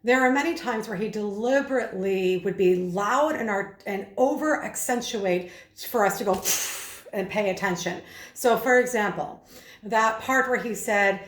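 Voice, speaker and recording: A woman's voice: medium pitch, normal speed, roomy sound. A woman speaking coach giving an analytical video commentary, explaining and acting out the vocal emphasis she describes.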